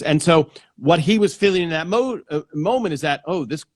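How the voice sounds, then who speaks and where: A man's voice: on the high side, expressive, fairly quick. A man hosting a casual live interview over a video call, rambling and restarting his sentences as he talks. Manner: rambling, restarts sentences, repeats "yes" and "yeah". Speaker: host.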